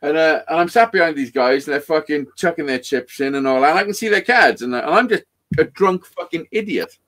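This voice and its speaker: A man's voice: fairly high pitch, a little fast. A man telling a rambling, sweary story in casual chat. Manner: rambling, heavy swearing, animated. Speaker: podcast guest storyteller.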